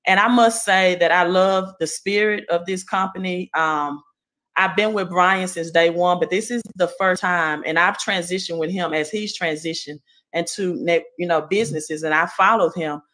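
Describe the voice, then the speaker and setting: A woman with a Southern accent giving an earnest, motivational testimonial on a group call, with many pauses and "right?"s. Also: lowish voice, fairly even intonation, pushed and bright. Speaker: guest speaker.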